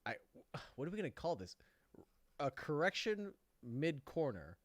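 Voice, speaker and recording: A man's voice: on the high side, very animated, normal speed, noisy background. A man hosting a casual sim racing review, joking, swearing and laughing often. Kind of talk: casual chat, race commentary.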